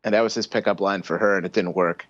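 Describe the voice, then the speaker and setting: A man's voice: low voice, steady tone, fast, no echo. Brief: laid-back male co-host telling a story, muffled lo-fi mic, dry. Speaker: podcast co-host. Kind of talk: casual chat.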